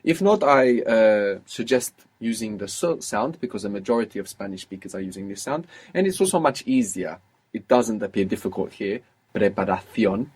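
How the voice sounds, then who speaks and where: Male tutor, husky, patient and explanatory, talks through rules with hesitations. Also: on the low side, lively intonation, brisk, darkish tone. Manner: patient, explanatory, with frequent uh fillers. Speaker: language teacher. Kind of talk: recorded language lesson.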